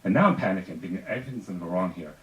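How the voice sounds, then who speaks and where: A man with a very low voice tells a funny personal story on stage, dry and self-mocking. He sounds distant in an echoey hall, with a faint hiss under his voice. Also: lively intonation, fairly bright tone. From Spain. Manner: wry, self-deprecating, quick asides. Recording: echoey room, distant mic, faint noise.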